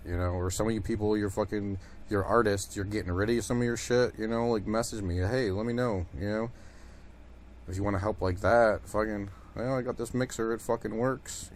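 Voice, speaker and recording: A man with a somewhat low voice talks alone on his own podcast, rambling loosely and swearing freely. He leans on "you know" and "like" as he goes. A faint hiss of background noise sits under the recording. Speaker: podcast host. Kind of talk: casual monologue.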